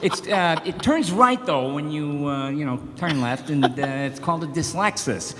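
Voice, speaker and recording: A man who is a voice actor telling a story on a convention panel and mimicking people as he goes. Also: fairly high pitch. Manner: lively, quick to mimic others. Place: convention hall. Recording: hall reverb with faint noise.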